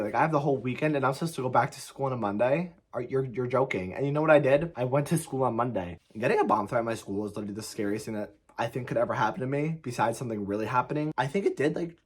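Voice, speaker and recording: This young American vlogger has a medium-pitched, slightly rough voice. Speaking to the camera, he tells a story casually and emphatically, swearing often and saying "like" constantly.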